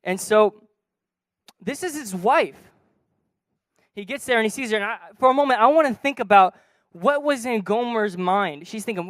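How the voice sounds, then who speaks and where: A man preaches from a church stage in a high, smooth and resonant voice. He tells a story and acts out its dialogue, swinging between soft and loud. The recording is close and dry. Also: expressive, normal speed, long pauses, no room sound. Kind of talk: sermon storytelling.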